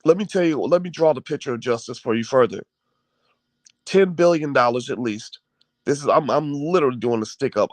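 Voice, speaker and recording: Heated and preachy, this man rants through political commentary as a commentary host, stammering, repeating himself, and cursing. His voice sits at medium pitch, and the dry room adds no sound of its own.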